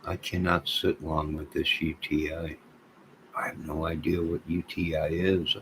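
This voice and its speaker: A man hosting a livestream, rambling and joking in a deadpan way as he talks to viewers in chat. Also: rumbling low, measured pace, a little hiss or hum, low-quality recording. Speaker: livestream host.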